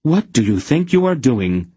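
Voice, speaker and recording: A man voicing a fierce, protective sorceress who scolds in a sharp, raised voice. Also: low voice, lively intonation, a little slow, slightly rough, no room sound, heavily acted. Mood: angry.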